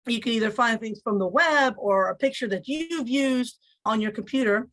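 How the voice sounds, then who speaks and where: Woman, Spanish accent, energetic webinar trainer, higher pitch. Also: normal speed. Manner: upbeat, explanatory, mimics software prompts in a lighter voice. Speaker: teacher giving a training session. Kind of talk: instructional webinar demo.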